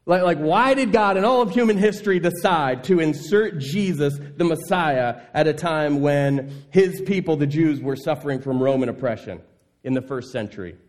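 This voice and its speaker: A man preaching a sermon as pastor, earnest, asking the congregation questions and sinking into a soft, low voice on key words. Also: moderate pace.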